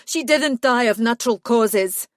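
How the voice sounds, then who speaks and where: A woman's voice: a little high, measured pace, no room sound, studio quality, voice pushed up, natural voice. A woman reading the part of a grizzled male werewolf who speaks stiffly and pleads desperately, in an audiobook.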